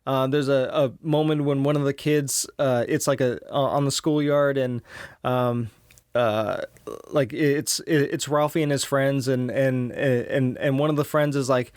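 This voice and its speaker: A man in his thirties hosting a casual solo podcast, rambling with many restarts and acting out quotes in a higher voice. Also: steady tone, a little slow, a little mellow, clean tone, no room sound, clean studio sound. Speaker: podcast host.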